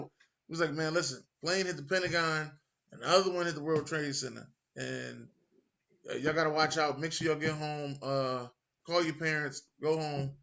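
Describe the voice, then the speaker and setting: A man's voice: fairly high pitch, moderate pace, creaky, lo-fi sound. A man in his thirties, a podcast host from Philadelphia, telling a story casually and acting out what people said. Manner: animated, acts out quotes with laughs and swearing.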